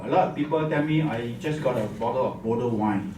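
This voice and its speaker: In a hotel function room, a man leads a live wine masterclass, joking and teaching while he tags lines with "huh?". His mid-range voice is brisk and a little mellow, with hardly any pauses. The room is echoey, he's far from the mic, and slight background noise comes through.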